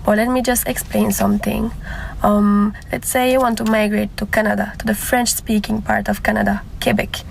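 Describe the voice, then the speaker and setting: A woman with a Jamaican-influenced accent calmly explaining her point. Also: medium pitch, normal speed, creaky, a little hiss or hum, poor audio. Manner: calm, reasoning explanation. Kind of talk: social media clip.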